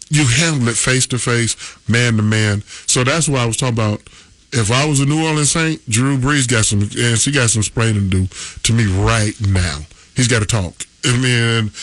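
A man's voice: medium pitch, a bit bright. A man in his fifties, a former football player, telling stories casually on a sports radio show, rambling with fillers and chuckling often.

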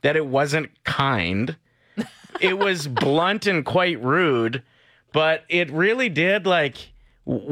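Canadian male radio co-host, 30s, bright and dry, chatty and joking. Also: mid-range voice, dry recording. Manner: chatty, jokey, reflective. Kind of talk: casual radio chat.

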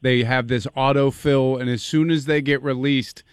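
Smooth-voiced radio co-host man. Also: mid-range voice, fairly even intonation, moderate pace, no echo, clean studio sound. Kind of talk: casual radio chat.

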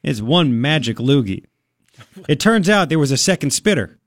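A man's voice: on the high side, very animated, normal speed, no echo, clean studio sound. A man hosting a radio talk show, chatting casually and laughing, mocking people in a playful voice. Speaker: radio host.

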